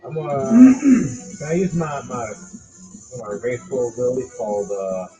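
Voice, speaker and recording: A man's voice: mid-range voice, expressive, a little slow, rough recording. Hesitant man playing a tabletop game. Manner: hesitant, many fillers and restarts. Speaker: player. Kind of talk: casual tabletop game play. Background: music.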